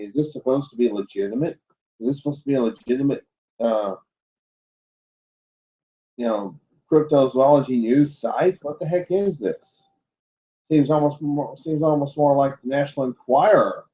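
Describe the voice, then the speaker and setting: A man's voice: mid-range voice, dark tone, highs cut off. A man hosting a casual livestream show, reading odd news stories aloud and commenting on them bluntly and with doubt. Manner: skeptical, blunt asides with chuckles. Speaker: host of a cryptid livestream show.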